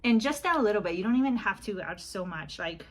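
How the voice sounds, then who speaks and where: A woman's voice: medium pitch, animated, brisk, poor audio. Chatty woman rambling while doing makeup. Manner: chatty and rambling, laughs often, many likes. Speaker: YouTube beauty vlogger. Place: at home. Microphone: phone back camera.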